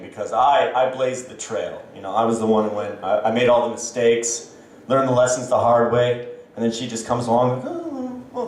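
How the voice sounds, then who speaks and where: A man's voice: mid-range voice, darkish tone, distant mic, a little hiss or hum. Canadian guy in his 30s doing standup, self-deprecating, lots of ums, super echoey club sound. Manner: self-deprecating, halting with many fillers. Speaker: stand-up comedian. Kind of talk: stand-up set. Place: comedy club stage. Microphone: handheld stage mic.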